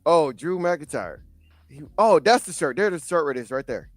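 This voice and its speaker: A man's voice: fairly high pitch, moderate pace, dry recording. A man hosting a casual comic book chat show, telling stories and laughing often. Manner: laughs often, animated storytelling. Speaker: host.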